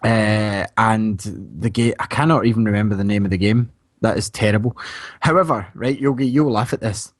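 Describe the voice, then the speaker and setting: A man's voice: fairly low pitch, fairly quick, no room sound. A man from Scotland with a Fife accent, co-hosting a podcast and telling rambling stories in casual chat. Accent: Scottish, Fife. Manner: rambling, storytelling, laughs often. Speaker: podcast co-host.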